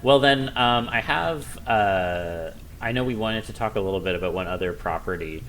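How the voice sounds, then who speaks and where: A man's voice: on the low side, expressive, normal speed, fairly bright tone, slight background noise, rough recording. A man hosting a podcast, laid-back and chatty, steering the talk with questions and short interjections. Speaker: podcast host. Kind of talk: casual chat.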